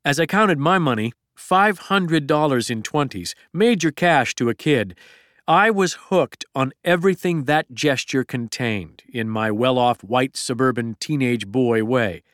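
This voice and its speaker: A middle-aged man narrating a memoir audiobook in a plain, measured storytelling manner. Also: medium pitch, expressive, fairly bright tone, dry recording, clean studio sound.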